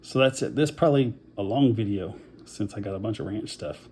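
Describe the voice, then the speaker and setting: A man's voice: lowish voice, brisk, dark tone, slight background noise. A man recovering from covid and on oxygen, talking in a rambling, casual video diary with lots of fillers and a short breath. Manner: rambling, many fillers, self-deprecating. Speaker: vlogger.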